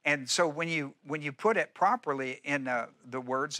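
A middle-aged man delivers a sermon in the loose, conversational way of a Bible-study teacher. His voice sits a little high and sounds bright and forceful. He often repeats and restarts his phrases and poses rhetorical questions to his listeners. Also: normal speed. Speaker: pastor.

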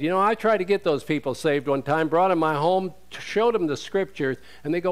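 A man preaches a sermon, talking with his congregation in a conversational way. He asks rhetorical questions and quotes scripture, and his voice sits a little high for a man. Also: animated, brisk, hardly any pauses. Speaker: pastor.

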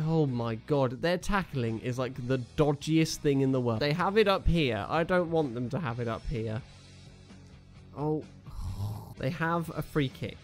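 Excitable young man commentating his game. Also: mid-range voice, unhurried, faint music behind. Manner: excitable, jokey, groans and cheers at the play. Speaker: gaming YouTuber. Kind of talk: casual live game commentary.

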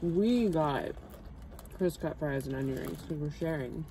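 A woman's voice: low voice, unhurried, mellow, a little hiss or hum, low-quality recording. A woman co-hosting a food channel, chatting easily and humming between bites in a parked car. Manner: easygoing, hums and says 'like' a lot. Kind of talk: casual mukbang chat while eating.

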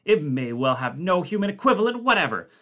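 A man voicing an indignant male biologist, defending the creature in a high, heated voice. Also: sing-song, pushed and bright. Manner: high-pitched, fast, heated pleading.

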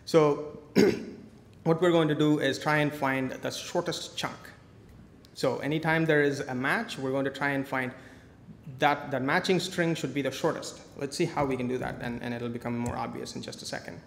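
Man doing a live coding talk, joking and lively, in a large reverberant hall. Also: medium pitch, moderate pace, creaky. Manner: playful, joking asides. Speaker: conference speaker. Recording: echoey hall, faint noise.

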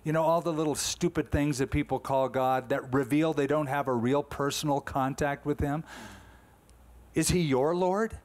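Man in his sixties, pastor preaching, emphatic and conversational, slightly high voice. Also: moderate pace, darkish tone. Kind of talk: sermon.

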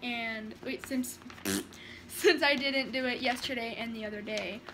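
A woman's voice: a little high, unhurried, pushed and bright, a little hiss or hum. A woman vlogger chatting nervously with sighs, then reading her own story aloud. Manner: rambling, sighing, nervous. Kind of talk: casual chat and story reading.

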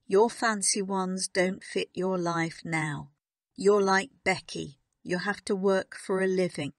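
A woman's voice: mid-range voice, takes it slowly, dry recording, studio quality. A woman voicing a stern, cold headmistress in an audiobook, speaking in a commanding, scolding tone. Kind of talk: audiobook character reading.

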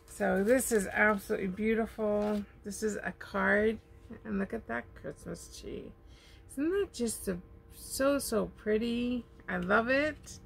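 Woman, casual unboxing chat, gushing, unhurried, faint background noise. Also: medium pitch, creaky. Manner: gushing, slow, lingering on her words. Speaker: vlogger. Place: home in an RV.

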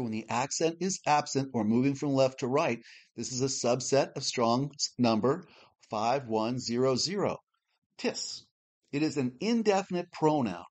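Man, Bible teacher, measured explanatory delivery, scripted lesson, mid-pitched voice. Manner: measured, explanatory, spells out Greek letters slowly.

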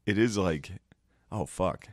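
A man's voice: low-pitched, slow pace, no echo, studio quality. A man co-hosting a podcast, telling stories in casual chat with crude jokes and laughs, acting out what others said. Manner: crude, laughing storyteller, acts out others' lines. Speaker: podcast co-host.

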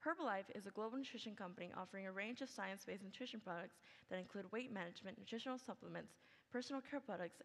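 A woman's voice: medium pitch, fast, vocal fry. A young adult woman giving a senior project presentation, chatty and upbeat, full of "like" and "okay". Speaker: student presenter. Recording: long hall reverb.

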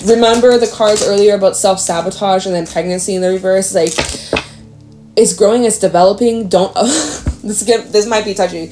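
A woman's voice: medium pitch, brisk, warm tone, soft background music. A woman giving a casual tarot reading, talking emphatically, swearing freely and laughing often. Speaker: tarot reader.

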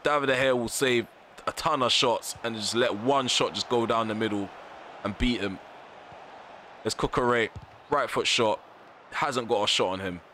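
A man's voice: medium pitch, bright, forceful tone, a little hiss or hum. A man commentating live over his football video game, ranting in frustration and repeating himself in slangy phrases. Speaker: gaming YouTuber.

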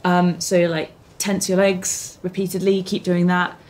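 A woman plays in a tabletop game, chatty and quick to laugh as she rattles off ideas. Her voice sits low. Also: flat delivery, darkish tone. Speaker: player. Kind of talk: casual tabletop play.

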